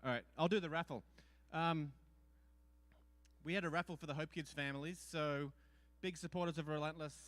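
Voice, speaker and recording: A man's voice: on the high side, fairly even intonation, moderate pace, a bit bright, no echo. A man hosting an event, making loose, chatty announcements from the stage. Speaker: event host.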